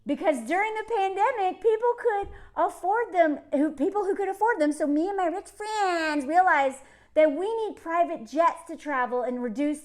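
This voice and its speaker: A smug, boastful rich man who brags with exaggerated self-satisfaction, as a woman mocks him. The voice sits high and the tone drips with sarcasm. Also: normal speed.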